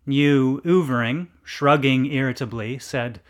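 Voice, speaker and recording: A man reading a literary story aloud in a deliberate, deadpan narration. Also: medium pitch.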